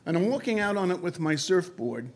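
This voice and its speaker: A man telling a travel story in an animated, digressive way, with many fillers and restarts. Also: high-pitched, a little fast. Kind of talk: anecdotal storytelling.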